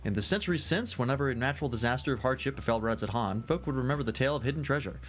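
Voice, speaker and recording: A man's voice: medium pitch, expressive, racing, voice pushed up, natural voice. A man reading game dialogue aloud in character, voicing a jovial, long-winded male scholar fond of drink, in a grandiloquent, theatrical storytelling manner.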